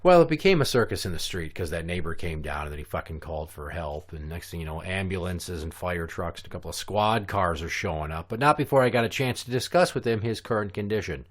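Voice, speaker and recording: Lower-pitched man telling a profane story. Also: fast, few pauses. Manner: profane, animated. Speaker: podcast host. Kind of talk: casual storytelling.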